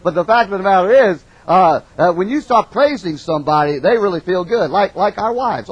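A man's voice: sits high, animated, a little fast, few pauses, breathy edge, highs cut off. A middle-aged man preaching a folksy, emphatic sermon, calling out amens. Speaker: pastor.

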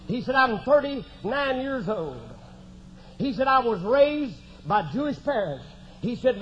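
A man with a drawl preaches a revival testimony in a strikingly high voice. He swings between fervent shouts and quiet, hushed asides. The recording is dull and lo-fi, with faint hiss underneath.

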